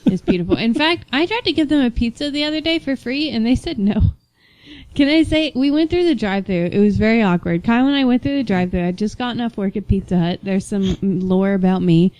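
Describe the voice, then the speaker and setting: A young woman co-hosting a casual podcast, telling lively anecdotes and acting out the voices of people in them. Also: on the high side, a little fast, dry recording. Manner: animated storyteller, acts out voices in her anecdotes. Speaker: podcast co-host. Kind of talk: casual chat.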